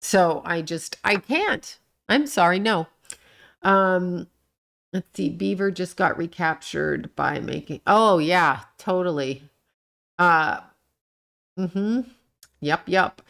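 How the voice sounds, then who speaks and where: A woman's voice: on the low side, slow, vocal fry, pauses often, fairly bright tone. A middle-aged woman hosting a casual livestream, answering chat comments and ranting bluntly with plenty of swearing. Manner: blunt and profane, rants and swears at the people she discusses; talks back to chat comments. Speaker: livestream host reading chat.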